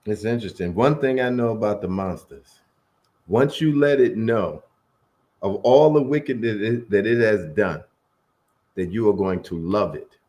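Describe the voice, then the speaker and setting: A man co-hosting, telling a personal story in an earnest, slow and heartfelt way. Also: on the low side, a little mellow.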